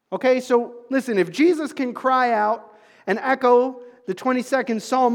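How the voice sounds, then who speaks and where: A man preaches from the pulpit in a high, light voice. He shifts between easy conversational asides and loud, pressing questions to the congregation. The sound carries a long, echoing church reverb. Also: normal speed. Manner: conversational preaching, rising to emphatic calls, dropping to soft asides. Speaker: pastor. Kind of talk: sermon.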